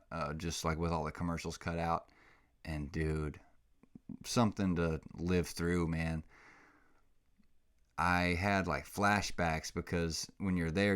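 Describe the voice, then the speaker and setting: A man hosting a casual solo podcast, rambling and self-mocking, a little out of breath, close on a microphone. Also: sits low. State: slightly out of breath. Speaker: podcast host.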